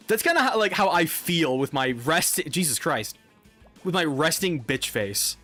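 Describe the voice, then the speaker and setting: A man's voice: a little high, big pitch swings, slow, long pauses, bright, forceful tone, soft background music. A young man streaming a game, chatting casually in a rambling, profane way and laughing often. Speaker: live streamer.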